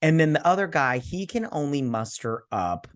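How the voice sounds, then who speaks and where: A tipsy man co-hosting a casual movie review, rambling and animated as he tells stories. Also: a little high, moderate pace. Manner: rambling, animated storyteller with many restarts. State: tipsy from drinking. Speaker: podcast co-host.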